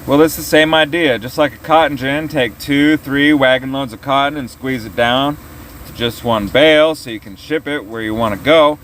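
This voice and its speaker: A man's voice: medium pitch, normal speed, a bit bright, a little hiss or hum, natural voice. A man voicing a boastful, folksy bluesman who explains things grandly. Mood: explaining. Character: boastful older male bluesman.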